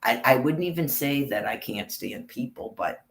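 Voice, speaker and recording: A man's voice: mid-range voice, animated, normal speed, a bit bright, reverberant, low-quality recording. A man vlogging on a walk, talking in a rambling, profane monologue and calling out viewers by name. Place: outdoors on a walk.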